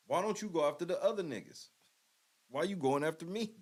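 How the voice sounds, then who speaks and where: Male podcast host, casual commentary, blunt and mocking, high animated voice. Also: normal speed.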